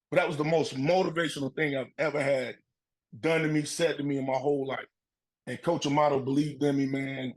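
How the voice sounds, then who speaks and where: A middle-aged man with a husky, slightly breathy voice that sits a little high for a man. He tells his stories in a casual, animated way, jumping into his old coaches' voices as he goes. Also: a little fast, rough recording. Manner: animated storyteller, acts out coaches' voices, laughs often. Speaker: former football player, guest. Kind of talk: casual storytelling interview.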